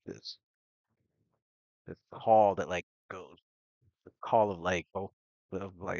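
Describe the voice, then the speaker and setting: A man narrating a tabletop game as game master, halting and correcting himself as he searches for words. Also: sits low, fairly bright tone, dry recording. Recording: dull lo-fi recording.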